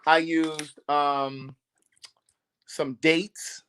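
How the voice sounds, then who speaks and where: A man from Baltimore talks in a lively, chatty way, laughing easily as he goes. His voice sits a little high and sounds bright and forward. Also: brisk, a little hiss or hum. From Baltimore, USA. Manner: animated, chatty, laughs often. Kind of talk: casual chat.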